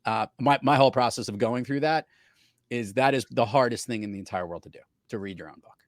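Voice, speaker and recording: A man's voice: mid-range voice, fast, dry recording. Middle-aged male podcast host, storytelling chat, dry close mic. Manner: chatty, storytelling. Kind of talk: casual chat.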